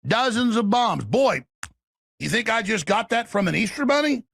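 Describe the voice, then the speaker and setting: A man rants through political commentary in a high, gravelly voice, urgent and scoffing as he hammers each point. The sound is dry and close, with no room around it. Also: expressive, moderate pace, a bit bright, no echo. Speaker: talk show host.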